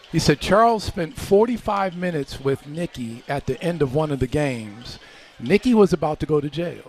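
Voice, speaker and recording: A middle-aged man, a former pro basketball player, telling long anecdotes as a guest on a live radio show, relaxed and acting out the voices of people in his stories. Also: a little high. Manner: relaxed anecdotal storyteller, acts out quoted voices. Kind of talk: storytelling in a live radio chat.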